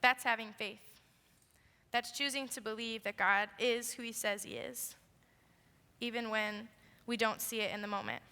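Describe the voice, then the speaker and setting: A woman's voice: fairly high pitch, steady tone, moderate pace, long pauses, bright, forceful tone. A young woman giving a youth sermon in an earnest, emphatic way, in a large hall. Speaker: youth speaker. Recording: echoey hall.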